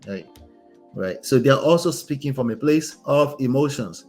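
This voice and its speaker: Male host, conversational coach tone, mid-pitched, soft music bed. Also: normal speed. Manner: conversational, keeps asking "right?", emphatic. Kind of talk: casual commentary on a reader's story.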